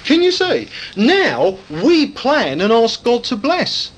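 High, lively preacher. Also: male voice, takes it slowly, rough recording. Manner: emphatic, repeating points with rhetorical questions. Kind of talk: sermon.

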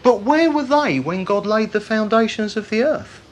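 A preacher delivering a sermon in an animated, humorous way, laughing at his own jokes. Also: mid-range voice, moderate pace, slight background noise. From Britain.

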